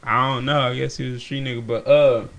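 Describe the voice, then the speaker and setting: A man's voice: medium pitch, fairly even intonation, fast, a loud crowd. A man co-hosting a podcast, telling a story loosely with lots of slang and frequent laughter. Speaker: podcast co-host. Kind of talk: casual banter among friends.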